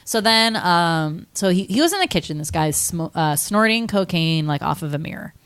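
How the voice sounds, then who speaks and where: A woman's voice: fairly low pitch, expressive, normal speed, a bit bright, clean tone, no echo. An American woman co-hosting a podcast, rambling casually and saying "like" a lot. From United States. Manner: rambling, heavy use of "like". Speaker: podcast co-host. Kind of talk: casual chat about a movie.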